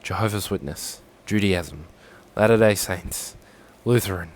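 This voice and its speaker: A man's voice: deep voice, measured pace. A young Australian man with an Australian accent, rambling sarcastically and swearing as he talks through a form on a casual livestream.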